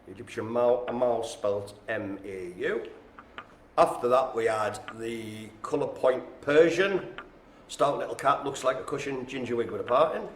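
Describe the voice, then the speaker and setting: A man's voice: medium pitch, normal speed, a little hiss or hum. A man calling bingo live in a care home, chatty and playful, joking with the room. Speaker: bingo caller. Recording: echoey room.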